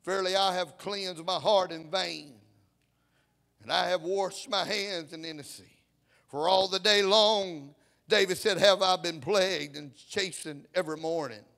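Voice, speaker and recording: A pastor preaching a sermon, swinging from quiet reading to shouted, half-sung lines and punctuating his phrases with "uh" and "huh.". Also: high-pitched, fairly even intonation, a little slow, vocal fry.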